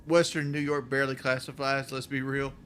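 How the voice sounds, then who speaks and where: A man's voice: medium pitch, flat delivery, a little fast. A man chatting casually while streaming a game, rambling with lots of "like" fillers and cursing. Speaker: gaming streamer. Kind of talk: casual live-stream chat while gaming. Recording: noisy background hiss.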